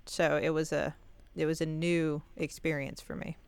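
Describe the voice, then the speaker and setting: A woman's voice: sits low, flat delivery, moderate pace, vocal fry, a little mellow, clean tone, dry recording. Wry, easygoing woman podcaster. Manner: easygoing, wry chatter with small stammers. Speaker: podcast co-host. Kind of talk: casual chat.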